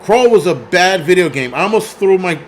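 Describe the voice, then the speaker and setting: A man's voice: high-pitched, expressive, fairly quick, slight background noise. A man in his forties hosting a casual livestream, rambling with plenty of swearing and answering chat as he goes. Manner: profane, rambling, reads chat aloud. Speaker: film review livestream host.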